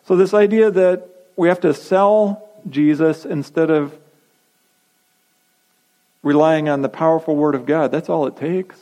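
A man's voice: a little high, a little mellow, low-quality recording. A man preaching a sermon, emphatic and repetitive, posing rhetorical questions to his congregation. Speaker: pastor.

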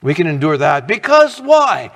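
A man's voice: fairly high pitch, sing-song, moderate pace, a bit bright, big-room sound. A middle-aged man preaching a sermon as pastor, earnest and conversational, asking the congregation questions.

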